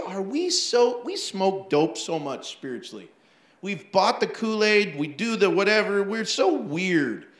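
A male pastor preaches with a slightly raised pitch, telling his stories with laughter and quick acted-out voices. His voice rings through a roomy, echoing church hall. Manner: animated storytelling with laughs and acted-out asides. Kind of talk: sermon.

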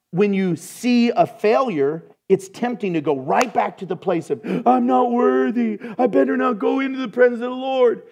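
High-voiced man preaching a sermon. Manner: animated preaching with folksy jokes. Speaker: pastor.

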